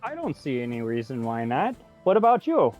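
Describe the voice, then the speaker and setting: A man's voice: mid-range voice, wildly swooping pitch, brisk, faint music behind. A man playing his character in a tabletop game, talking eagerly and chattily over a lo-fi voice chat mic. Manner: eager, chatty, laughs along. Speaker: player. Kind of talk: in-character tabletop role-play.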